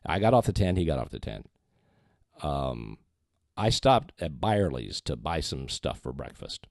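An older man tells a story in a deep voice that swings widely up and down, acting out his own part as he goes. The sound is dry and close. He is a veteran television journalist chatting as a guest. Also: measured pace, no echo. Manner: animated anecdote teller. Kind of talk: storytelling on a podcast. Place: home den.

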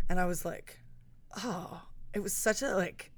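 A woman's voice: on the low side, a little slow. A young woman on a podcast, telling a story in a rambling, self-interrupting way. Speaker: podcast guest. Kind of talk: casual chat.

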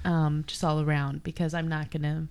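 A woman's voice: low-pitched, flat delivery, moderate pace, a little mellow, smooth. A woman joking casually and giggling in an improvised comedy podcast.

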